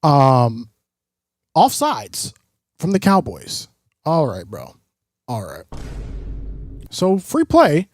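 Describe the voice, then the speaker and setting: A man's voice: sits high, a little mellow, dry recording, studio quality. A man streaming live play-by-play commentary, mixing broadcaster-style calls with casual asides to his chat.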